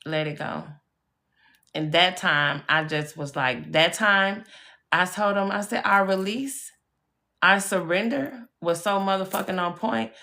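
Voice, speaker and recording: A woman's voice: medium pitch, a little slow, vocal fry, bright, forceful tone. A woman telling personal stories on a live stream, chatty and emphatic, swearing freely and calling her viewers y'all and baby. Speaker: live-stream spiritual reader. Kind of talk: casual live-stream storytelling.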